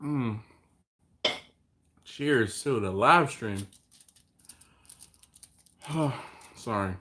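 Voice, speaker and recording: A man hosting a casual live stream, greeting viewers by name and reading their comments, easygoing and quick to chuckle, recorded on a phone at home. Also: medium pitch, sharp tone, a little hiss or hum. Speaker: host of a barbecue live stream. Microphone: phone on a mount.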